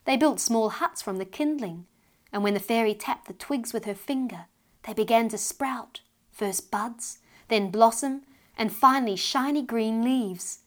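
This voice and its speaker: Expressive woman reading a children's story. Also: a little high, measured pace. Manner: expressive, lively.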